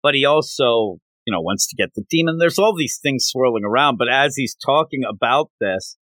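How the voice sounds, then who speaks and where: A man hosting a podcast, recapping a manga chapter in animated casual chat with lots of fillers. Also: medium pitch, normal speed, no room sound. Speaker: podcast host.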